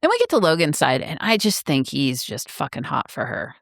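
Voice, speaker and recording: A woman co-hosting a book podcast, telling a relaxed anecdote and giving her rating. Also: low-pitched, a little fast, vocal fry, dry recording, clean studio sound. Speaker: podcast co-host. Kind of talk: casual book-club chat.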